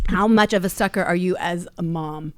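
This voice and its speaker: A woman's voice: lowish voice, moderate pace, dry recording. A middle-aged woman hosting a casual podcast, playfully quizzing her guest. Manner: playful, quiz-style questioning. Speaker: podcast host and company owner.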